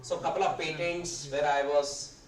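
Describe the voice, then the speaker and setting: A man's voice: fairly high pitch, steady tone, normal speed. A man in his fifties with an Indian English accent, giving a rambling, hesitant guest lecture while nursing a sore throat. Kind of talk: conversational lecture. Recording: roomy hall, distant mic, faint ambience.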